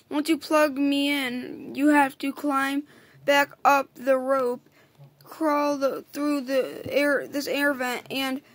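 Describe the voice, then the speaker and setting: Using a high voice, a woman reads lines for a bossy female spider who is a hacker. Her reading is halting, with several restarts.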